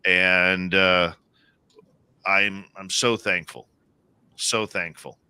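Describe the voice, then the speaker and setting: A man hosting a radio talk show, speaking earnestly and haltingly with many restarts. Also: deep voice, steady tone, pushed and bright, clear, resonant tone, dry recording. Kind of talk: casual on-air talk.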